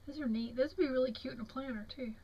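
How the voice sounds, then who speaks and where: In this clip, a young crafting vlogger with a Southern American accent yawns through a relaxed, drawn-out show-and-tell of craft mail at home, chatting admiringly despite being tired. Her high-pitched voice has a warm tone, the highs are cut off, and there's slight background noise.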